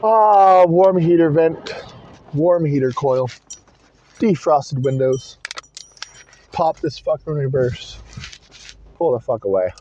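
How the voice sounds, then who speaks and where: A man's voice: a little high, expressive, slow pace, long pauses, dark tone, a little hiss or hum. A man rambling in a casual vlog from inside his car, blunt and swearing constantly, recorded on a phone camera in a car holder. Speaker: vlogger. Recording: dull lo-fi phone audio in car.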